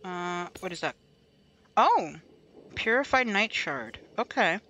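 A woman's voice: medium pitch, animated, takes it slowly, vocal fry, bright, forceful tone, dull audio. A woman chatting casually through a gameplay livestream, talking to herself and to chat and laughing often. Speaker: streamer. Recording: light music behind the voice.

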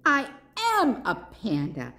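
A woman's voice: fairly high pitch, huge pitch swings, slow, sharp tone, pitched above the performer's own voice, heavily acted. A woman voicing a tiny frightened panda. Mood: anxious. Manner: wailing, wheezing.

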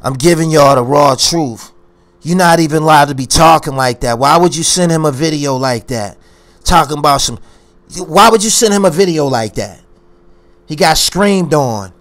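A man's voice: a little high, normal speed, fairly bright tone. Boastful, confrontational male vlogger. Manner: boastful and confrontational, repeats phrases for emphasis. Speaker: YouTube commentary host. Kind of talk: unscripted ranting commentary.

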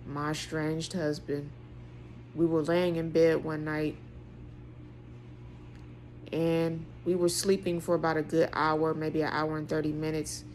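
A woman, giving an emphatic, preaching monologue that repeats phrases and swings between soft and loud. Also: low-pitched, flat delivery, a little slow, long pauses, a little hiss or hum. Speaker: vlogger.

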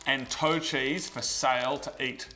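Brief: male co-host, bright forceful voice, mid pitch, jokey rambling banter. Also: a little slow. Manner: animated, jokey, rambling with restarts. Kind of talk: casual banter.

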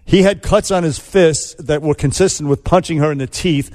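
A man hosts a morning radio show and argues his point firmly against a guest. His voice sits fairly high and carries a long reverb tail. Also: normal speed, a little mellow. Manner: firm, pushes back. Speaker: radio host.

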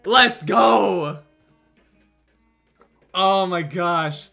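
A young man in his early twenties streams a game, his high, bright voice straining from all the screaming. He shouts and swears in elation, drawing the words out slowly, with faint music playing behind him. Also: creaky. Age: early 20s. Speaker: gaming streamer. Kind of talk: excited gaming stream commentary.

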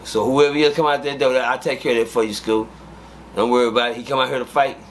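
A man, an interview guest, telling prison stories in a profane, animated way and acting out the dialogue. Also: medium pitch, quick pace, a little hiss or hum. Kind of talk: casual storytelling.

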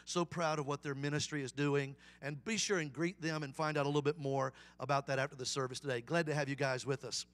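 A man's voice: a little high, fast, hardly any pauses. A middle-aged man, a guest evangelist, preaching a folksy, humorous sermon. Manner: folksy, animated storyteller with humor.

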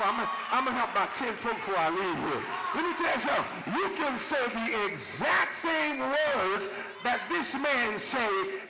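High gravelly preacher man, live church. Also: big-room sound. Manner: rising to shouted preaching cadence, repetitive and call-and-response. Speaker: bishop preaching. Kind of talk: live sermon. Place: church sanctuary with congregation. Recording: noisy live church recording.

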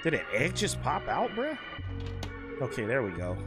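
A man's voice: mid-range voice, normal speed. A young man giving casual let's-play commentary, reading game prompts aloud and yelping at the game. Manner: excitable, reads game prompts aloud, yelps and whines at the game. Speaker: gaming YouTuber. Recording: gameplay commentary over loud game music.

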